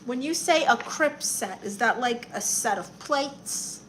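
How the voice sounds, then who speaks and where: On a live stream of improvised character comedy, a woman plays a brash, blunt middle-aged aunt who calls herself a therapist, coloring and reading chat. Her slightly high, somewhat bright voice is expressive and unhurried, and she sounds chatty over slight background noise.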